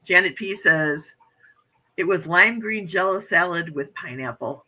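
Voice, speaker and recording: A woman's voice: lowish voice, expressive, a little slow, pushed and bright, low-quality recording. A woman in her fifties hosting a casual morning livestream chat, reading out viewer comments and gushing with frequent exclamations. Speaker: livestream host.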